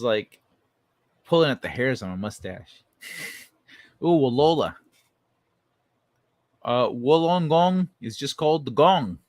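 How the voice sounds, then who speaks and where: A man hosting a casual late-night stream, reading chat messages aloud in a loose, profane way. His voice sits at an ordinary pitch, and the recording is dry and close with no room sound. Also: no echo. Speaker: livestream host.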